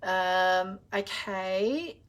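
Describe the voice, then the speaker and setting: A woman's voice: mid-range voice, very slow. A middle-aged woman, hosting a live spiritual reading session in a chatty, affectionate way, calling viewers darling and honey with many filler sounds. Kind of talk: casual live-stream chat.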